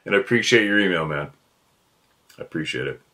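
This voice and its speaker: A man in full rant mode, hosting his own show, blunt and foul-mouthed, circling back to the same points again and again. His voice sits fairly low but comes out sharp and forceful. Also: lively intonation, brisk. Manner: blunt and profane, repeats himself. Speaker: podcast host. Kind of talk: fired-up ranting monologue.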